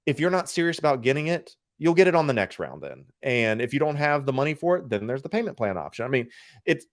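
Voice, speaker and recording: An opinionated man chats casually on a podcast with a mid-pitched voice. His intonation swings widely up and down, and the sound is dry and close. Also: no echo. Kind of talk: casual chat.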